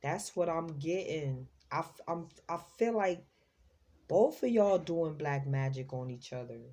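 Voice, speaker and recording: A woman's voice: low voice, lively intonation, unhurried, mellow. A woman hosting a tarot reading, talking in a chatty, slangy way and exclaiming as she reads the cards. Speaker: psychic tarot reader, host.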